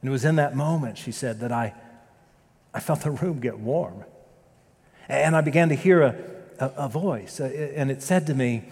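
Male pastor preaching, medium pitch, big echoey church sound, gets loud then real quiet. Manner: storytelling, rising loud in dramatic moments, dropping soft and slow for prayer. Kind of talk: sermon. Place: church sanctuary. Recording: long reverb of a church sanctuary.

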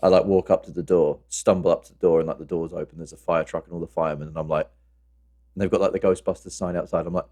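A man's voice: sits low, fast. A man co-hosting a film podcast, telling stories in loose casual chat full of fillers. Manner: animated storytelling, lots of fillers. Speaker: podcast co-host.

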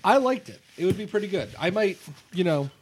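Higher-voiced man chatting casually. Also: animated, a little fast, background noise. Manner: casual beer and whiskey reviewing, joking. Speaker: podcast co-host. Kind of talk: casual chat.

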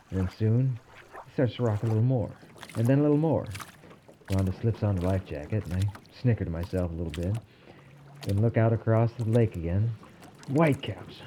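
A man narrating a personal story in a calm, wry way. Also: lowish voice, slight background noise.

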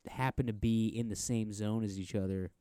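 A man's voice: fairly low pitch, fairly even intonation, moderate pace, mellow, clear, resonant tone, no echo, studio quality. A man co-hosting a casual podcast, rambling and swearing with frequent stammered restarts. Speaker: podcast co-host. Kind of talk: casual chat. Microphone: headphones and laptop setup.

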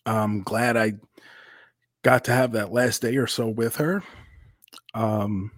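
A man's voice: fairly low pitch, fairly even intonation, slow pace, no room sound, studio quality. Candid, profane man on a podcast. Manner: candid and profane, swings into loud re-enacted quotes. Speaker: podcast co-host. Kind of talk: casual podcast chat.

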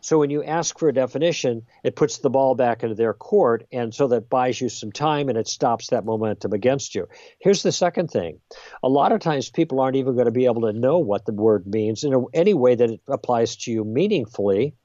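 A man guest on a podcast, explaining ideas in a lively conversational way and acting out exchanges. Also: mid-range voice, fairly quick, dry recording, muffled recording. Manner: lively, role-plays exchanges with emphasis. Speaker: guest author.

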